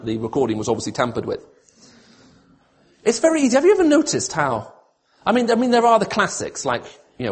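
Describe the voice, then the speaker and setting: A man's voice: lowish voice, husky. A man preaching a sermon, pleading with emotion when voicing God's appeals and turning to dry, self-mocking humour.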